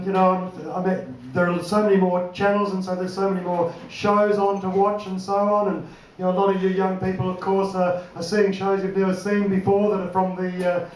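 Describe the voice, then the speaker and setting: A man's voice: high-pitched, darkish tone, distant mic, a little hiss or hum. An older Australian man doing a wry, swearing stand-up comedy set on a club stage. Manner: wry, swearing, does quick voices for others. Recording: roomy club sound from afar, audience.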